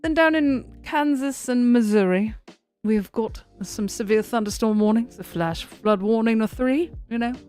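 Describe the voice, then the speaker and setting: A woman's voice: fairly high pitch, measured pace, a little mellow, faint music behind, lightly acted. A woman putting on a mock-official British accent to play a very official weather presenter, drawn out and slangy. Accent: put-on British.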